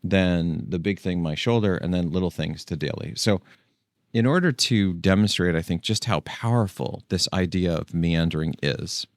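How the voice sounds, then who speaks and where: A man's voice: low-pitched, normal speed, no room sound, clean studio sound. A man hosting his own channel, talking casually and thinking aloud with frequent restarts. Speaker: tech channel host. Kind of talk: casual solo video talk.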